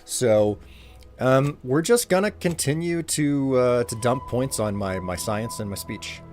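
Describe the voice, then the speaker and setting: A man's voice: medium pitch, expressive, a little slow, darkish tone, soft background music. British man streaming, musing aloud. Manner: hesitant, reads game text aloud. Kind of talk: casual gameplay commentary.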